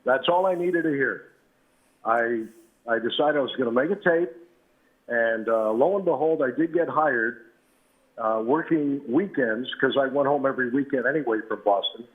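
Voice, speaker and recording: A man in his seventies, a veteran radio announcer, relaxed and anecdotal as he tells stories as an interview guest. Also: medium pitch, normal speed. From New Britain, Connecticut. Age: 70s. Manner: relaxed and anecdotal, with frequent "uh" and "you know". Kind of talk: reminiscing storytelling. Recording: tinny phone line.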